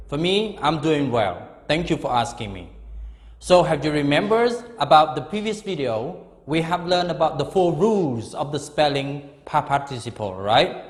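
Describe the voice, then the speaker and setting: A middle-aged man teaching an English grammar lesson, explaining slowly and repeating himself with frequent checks of "okay?". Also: fairly high pitch, animated. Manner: slow, repetitive, drawn-out explanations with frequent "okay?". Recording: echoey room with long reverb.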